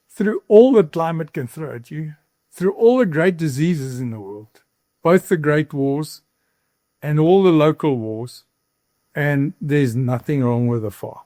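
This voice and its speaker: In a clean, dry studio recording, a South African man in his sixties with a fairly high, dark-toned voice tells his story as a farmer guest in an interview. He speaks earnestly, and when emotion catches him he repeats the odd word.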